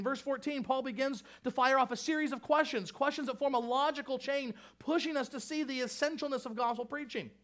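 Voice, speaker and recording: A pastor delivering an impassioned sermon, emphatic and repetitive, swinging from raised fervor to hushed intensity. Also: male voice, very high voice. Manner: impassioned, emphatic preaching with repeated phrases.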